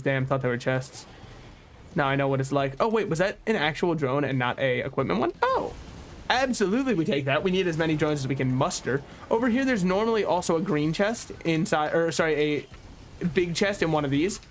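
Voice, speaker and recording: A man's voice: fairly high pitch, slight background noise. A man streaming a video game, rambling and joking in casual commentary and often laughing at his own remarks.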